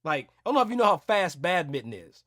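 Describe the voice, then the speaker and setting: Slangy dude hosting a golf podcast, upbeat, dry close mic sound. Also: male voice, high-pitched, fast talker, no room sound. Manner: animated, jokey, slangy. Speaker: podcast co-host. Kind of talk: casual chat.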